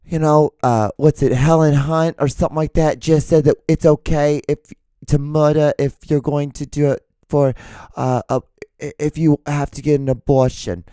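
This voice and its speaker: A man hosting his own podcast in a loose, joking ramble, hoarse and gravelly as if he has lost his voice. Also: fairly high pitch, level tone, moderate pace, warm tone, dry recording, studio quality. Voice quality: gravelly, smoker-like. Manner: loose, joking, swears freely. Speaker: podcast host.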